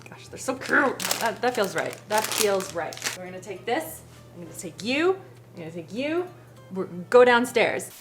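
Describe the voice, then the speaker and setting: A woman filming a casual cooking vlog, chatty and excitable, talking straight to the camera. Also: mid-range voice, moderate pace, music in the background. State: out of breath. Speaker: cooking vlogger.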